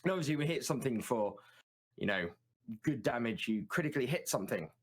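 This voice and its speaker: A man, a guest chatting in a relaxed, self-mocking way over a remote call, often repeating his words. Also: mid-range voice, fast talker. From southern England. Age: 30s. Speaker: guest streamer. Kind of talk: casual chat on a live stream.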